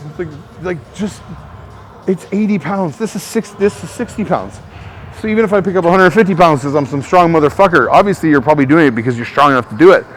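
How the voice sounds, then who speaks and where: A personal trainer with a fairly high, expressive voice talks quickly over slight background noise. His casual coaching to the camera wanders, full of swearing and the filler word "like."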